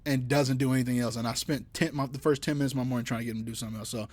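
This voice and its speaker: A man's voice: mid-range voice, steady tone, racing, darkish tone, no echo. A young man co-hosting a podcast, talking casually with restarts and teasing banter. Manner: rambling, many restarts, teasing. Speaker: podcast co-host. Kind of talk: casual chat.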